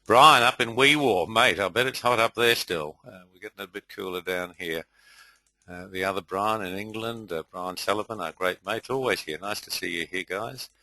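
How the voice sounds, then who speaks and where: A deep-voiced man hosts a live webinar with a bright, forceful tone. He is chatty and hesitant, with frequent filler pauses. The sound is dry and close, with no room around it. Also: no echo, poor audio. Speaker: webinar host and trading tutor.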